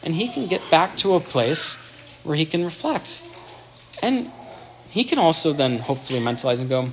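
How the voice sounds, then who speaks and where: Earnest, animated man explaining relationships. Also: a little high, moderate pace, slight background noise. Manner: earnest, animated, acts out example dialogue. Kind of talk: explanatory talk on attachment.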